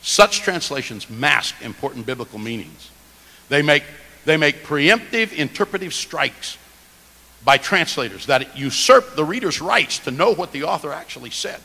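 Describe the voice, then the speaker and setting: A man preaching a sermon to fellow preachers, emphatic, stressing words and swinging between soft asides and loud points. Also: a little high, moderate pace. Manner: animated, emphatic, shifts loudness and stress. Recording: long hall reverb.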